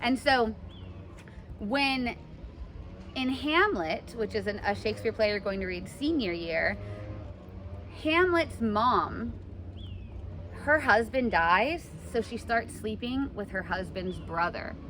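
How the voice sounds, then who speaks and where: A young woman teacher giving a chatty, animated lesson and acting out examples for her class. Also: on the high side, slow, pauses often, slight background noise. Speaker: English teacher.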